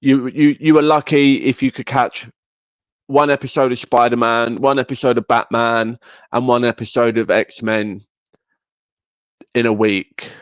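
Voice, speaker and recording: A man's voice: medium pitch, fairly even intonation, a little slow, clear, resonant tone, dry recording, dull audio. A man hosting a casual podcast chat, asking lots of curious questions and swearing casually. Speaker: podcast host.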